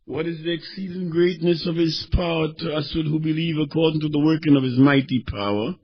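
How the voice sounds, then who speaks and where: A man preaching a sermon, swinging between fervent shouting and quieter teaching as he reads scripture. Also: on the high side, steady tone, brisk, breathy edge. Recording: dull lo-fi recording.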